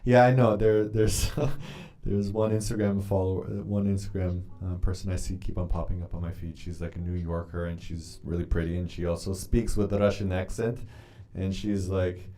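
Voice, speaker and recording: A man's voice: low voice, flat delivery, moderate pace, warm tone. A man hosting a casual livestream, chatting in a rambling way, greeting viewers and reading their comments aloud. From Canada. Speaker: livestream host.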